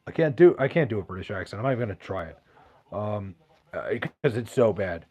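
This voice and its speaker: A man's voice: fairly low pitch, expressive, fairly quick, dark tone. A young man, chatting casually and profanely, rambling and restarting his sentences as he reads live chat. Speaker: podcast host reading live chat.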